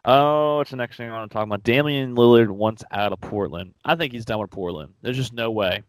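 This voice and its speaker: A man's voice: mid-range voice, brisk, dry recording. Chatty man hosting a sports podcast. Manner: chatty, rambling with fillers. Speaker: podcast host. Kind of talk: casual sports podcast chat.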